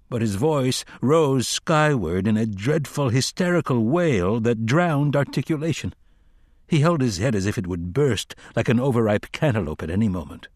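A man narrating a dark fantasy audiobook in a measured, dramatic reading. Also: medium pitch, animated, no echo, studio quality. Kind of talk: scripted narration.

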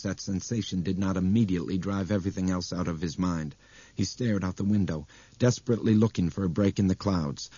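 Deep, husky male audiobook narrator. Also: dark tone, dry recording. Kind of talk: scripted narration. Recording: dry, dull close-mic audio.

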